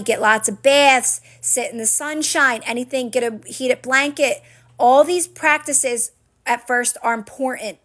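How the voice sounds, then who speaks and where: High-voiced encouraging woman coach. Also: fairly bright tone. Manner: earnest and encouraging, leans on "right?" and "guess what?". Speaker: manifestation coach. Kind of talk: live-stream talk answering viewers' comments.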